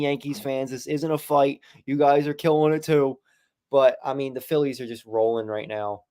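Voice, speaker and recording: A man's voice: mid-range voice, darkish tone, clean tone. Opinionated young male sports co-host. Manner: opinionated, swears casually. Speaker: podcast co-host. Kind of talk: casual sports podcast chat.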